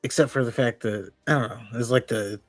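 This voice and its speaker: A man's voice: medium pitch, fairly quick, no room sound, clean studio sound, soft background music. A man co-hosting a podcast, making wry, chuckling asides in casual chat. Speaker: podcast co-host.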